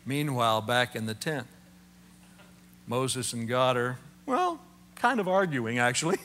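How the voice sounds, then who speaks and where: Lively, bright-voiced male preacher. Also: medium pitch, a little slow. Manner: animated storytelling, acting out quotes with humor. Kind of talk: sermon.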